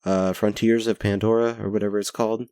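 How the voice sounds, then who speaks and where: A man's voice: fairly low pitch, flat delivery, brisk, a little mellow, clear, resonant tone, no room sound, clean studio sound. A young man hosting a casual spoken-journal podcast, rambling and self-deprecating, swearing casually into a headset mic. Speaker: podcast host. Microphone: headset mic with pop filter.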